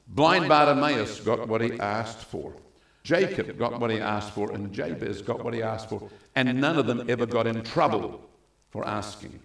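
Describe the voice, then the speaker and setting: A male pastor preaching a sermon in an animated way, acting out the voices of the people he quotes. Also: medium pitch, creaky, reverberant.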